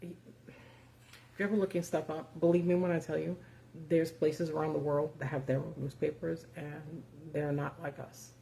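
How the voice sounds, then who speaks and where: A woman with a low, mellow voice hosts a live stream. She talks off the cuff, profane and sarcastic, with plenty of ums and likes as she reads things out. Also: flat delivery, normal speed, gravelly, a little hiss or hum. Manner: casual and profane, sarcastic asides, many fillers. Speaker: host of a live video. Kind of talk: casual live-stream commentary.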